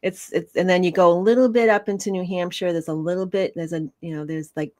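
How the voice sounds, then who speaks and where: A woman, co-hosting a live stream, giving gentle, rambling intuitive card readings. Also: lowish voice, fairly even intonation, fast. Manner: gentle, rambling with fillers and restarts. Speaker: intuitive reader, co-host.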